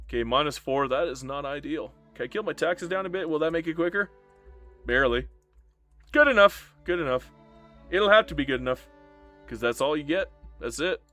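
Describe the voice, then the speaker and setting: A man with a fairly high, fairly bright voice streams a strategy game live. He chats casually to himself and his viewers, swearing and joking as he plays.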